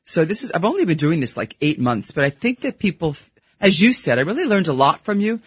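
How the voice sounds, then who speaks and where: A middle-aged Brooklyn woman with a husky, lowish voice talks fast and frankly as a guest in a casual radio interview. She's a podcast host and real estate broker from New York, blunt and very animated. The audio is dry, recorded on a studio microphone in a radio studio.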